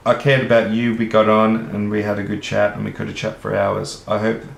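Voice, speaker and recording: An Australian man talks on at length in a low, flat, gravelly voice, earnest and rambling, with casual swearing. The room around him sounds echoey. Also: a little fast. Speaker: vlogger. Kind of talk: rambling monologue to camera. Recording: roomy echo.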